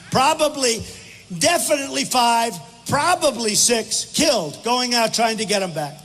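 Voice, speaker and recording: A man's voice: extremely high pitch, a bit bright. An older man giving a rambling, repetitive, combative rally speech at a podium microphone. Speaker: political candidate. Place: airport hangar rally with crowd. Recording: echoey hall, faint background noise.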